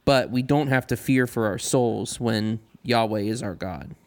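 A man in casual religious discussion, speaking earnestly and pausing often with fillers. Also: medium pitch, darkish tone. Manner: earnest, halting with many ums.

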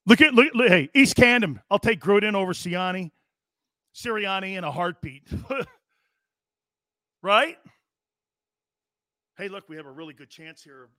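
A man's voice: fairly high pitch, a bit bright, no echo, clean studio sound. A man hosting a live sports talk show, ranting in a blunt, profane, repetitive and heated way.

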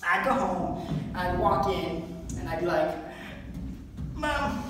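A man doing a rambling stand-up comedy set at a fundraiser, breaking into high squeaky impressions and little sung bits. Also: flat delivery, a little slow, background noise. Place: event room at a fundraiser. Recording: roomy hall, mic far off.

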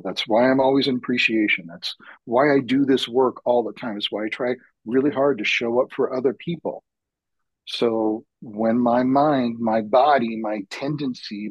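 A man's voice: medium pitch, breathy edge, no echo, dull audio. A man guesting on a podcast and telling heartfelt, reflective stories from his work as a men's retreat facilitator. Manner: reflective, heartfelt, slow-building. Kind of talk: earnest personal storytelling.

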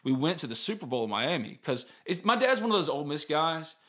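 A man's voice: on the high side, big pitch swings, quick pace, bright, forceful tone. A man, hosting a casual sports podcast and telling stories in a candid, rambling way. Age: 30s. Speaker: podcast host.

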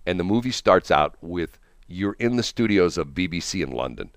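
An older man hosting a radio morning show, with a very low voice on a close, dry studio mic. He chats in a loose, rambling way, drifts into anecdotes and chuckles between thoughts. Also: sing-song, moderate pace, no echo. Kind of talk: casual on-air chat. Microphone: studio broadcast mic.

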